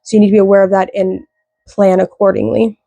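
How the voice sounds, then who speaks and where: A woman giving a casual tarot reading, rambling with lots of fillers, slow when she reads out card meanings. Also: medium pitch, level tone, vocal fry, warm tone, no room sound. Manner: rambling, loose, with many fillers. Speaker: tarot reader.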